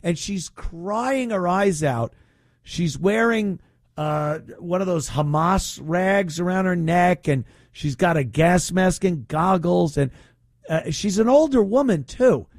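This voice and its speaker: A man's voice: high voice, animated, slow pace, darkish tone, no room sound, studio quality. A man hosting talk radio, speaking in a mocking, opinionated way. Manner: mocking, puts on whiny voices to ridicule. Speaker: radio talk show host.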